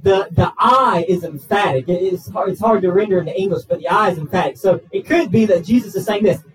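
A man's voice: high voice, brisk, distant mic, rough recording. A man, a pastor preaching a sermon in a church, talking earnestly and often restarting and repeating words. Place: church sanctuary.

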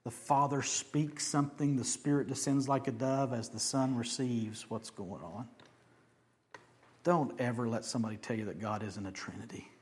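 A man preaching a sermon, shifting between hushed, slow emphasis and loud, high declarations, with casual jokey asides. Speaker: pastor.

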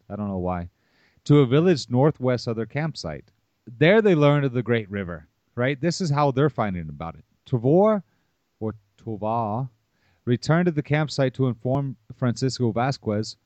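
A man's voice: medium pitch, very animated, normal speed, a little mellow, no echo. Musing man with a dry, muffled sound. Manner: musing, questioning, loose and conversational. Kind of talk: casual podcast chat.

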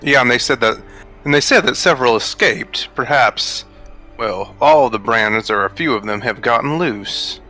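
A man's voice: medium pitch, moderate pace, sharp tone, soft background music. A man playing a tabletop game who thinks aloud and speculates. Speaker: player. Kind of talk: tabletop role-play.

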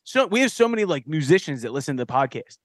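A man's voice: a little high, big pitch swings, dry recording. A man with a Philadelphia accent hosting a podcast in casual chat, swearing and laughing as he tells stories. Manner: swearing, joking, quick laughs. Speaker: podcast host.

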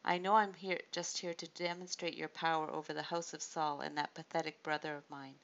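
Bitter young queen in an audiobook, resentful edge, as a woman reader plays her; low voice, dull lo-fi sound. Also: level tone, a little fast, vocal fry. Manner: resentful, sharp.

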